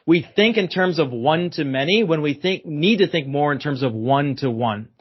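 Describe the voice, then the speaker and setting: A man's voice: on the high side, lively intonation, moderate pace, slightly rough. Emphatic man, guest expert, lo-fi sound. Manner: emphatic, repeats key phrases for effect. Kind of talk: explanatory podcast interview answers. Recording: dull lo-fi sound.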